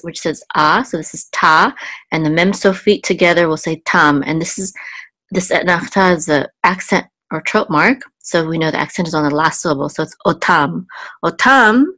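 A woman with a very low voice teaches biblical Hebrew, going word by word with patient, careful explanations. She pauses often with ums and restarts. The sound is dry and close, with no room echo. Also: a bit bright.

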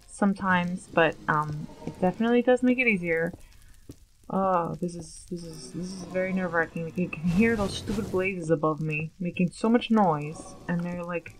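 A woman with a somewhat low voice talks through her game in casual commentary. She is chatty and a bit nervous, often asking herself questions aloud. A faint hiss sits under the recording. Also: rough recording. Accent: Long Island put-on at times. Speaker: let's play gamer.

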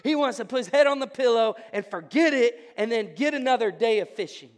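A pastor preaching a sermon, joking with the congregation and building to fervent, emphatic preaching in a church. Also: male voice, very high-pitched, expressive, a little fast. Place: church sanctuary. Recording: church hall with long reverb.

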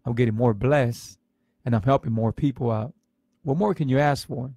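Gravelly earnest man in his forties. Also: mid-range voice, moderate pace, dry recording. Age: 40s. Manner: earnest, emotional, repeats himself and stumbles, gives shout-outs. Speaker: vlogger sharing his health story on a livestream. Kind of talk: casual livestream talk.

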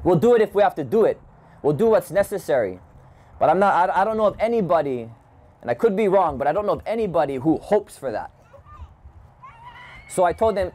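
Man from Hawaii, fairly high voice, slow measured storyteller. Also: expressive, darkish tone. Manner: measured, thoughtful storytelling with restarts. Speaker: community leader. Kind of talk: storytelling talk. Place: home gathering, indoors.

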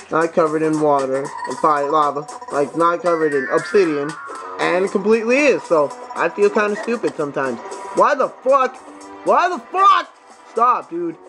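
A young man with a high voice that swings wildly in pitch, commentating his gameplay. He swears freely, yelps, and talks straight at the enemies on screen. Game music plays clearly under his voice. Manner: excitable, profane, talks to enemies. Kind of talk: let's play commentary.

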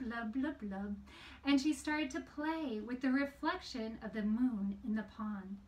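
A woman with a high voice tells a children's story in a gentle, sing-song way, voicing little sound effects as she goes. Her voice sits a bit back from the mic. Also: distant mic, rough recording. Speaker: puppeteer and storyteller.

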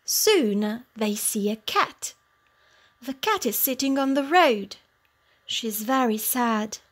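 A woman teacher narrating a simple storybook for young English learners in clear, short phrases. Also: fairly high pitch, animated, slow pace.

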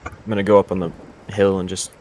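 A young man in casual gaming chat, calmly explaining tactics to his squad. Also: low-pitched, fast talker, slight background noise. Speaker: gamer. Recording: game gunfire behind.

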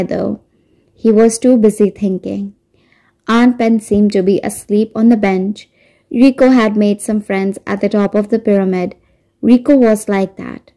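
Mellow, warm woman, audiobook narrator for a children's story, calm and even. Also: mid-range voice, rough recording.

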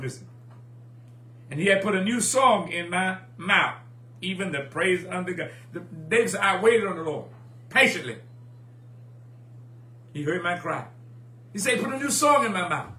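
A man's voice: high-pitched, lively intonation, normal speed, long pauses, bright, forceful tone. A man preaching a sermon in a rhythmic, repeating call-and-response style, recorded in an echoey church with a faint hum. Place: church sanctuary.

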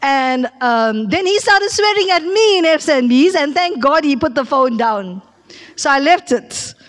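A woman's voice: high voice, lively intonation, unhurried. A middle-aged woman pastor, preaching a sermon and telling a personal story, acting out the people she quotes. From South Africa.

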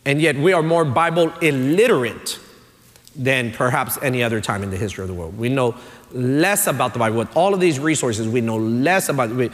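A man pastor, preaching a sermon, who tells stories in a relaxed way and builds up to emphatic points. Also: mid-range voice, brisk. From Texas, USA. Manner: conversational storytelling, builds to emphatic. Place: church sanctuary. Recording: long church-hall reverb.

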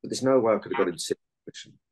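A man's voice: fairly low pitch, racing, darkish tone, rough recording. A man, a meditation and martial arts coach, giving earnest interview answers full of anecdotes from his coaching.

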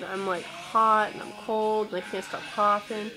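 A woman's voice: medium pitch, little pitch movement, a little slow, low-quality recording. A woman vlogging casually from home while sick and congested, talking in a blunt, profane, rambling way.

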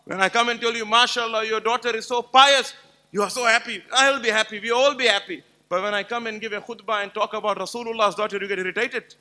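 A man's voice: sits high, steady tone, quick pace, hardly any pauses, bright, forceful tone. A man giving an emphatic religious lecture to a live gathering, telling stories and putting rhetorical questions to the audience. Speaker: Islamic lecturer.

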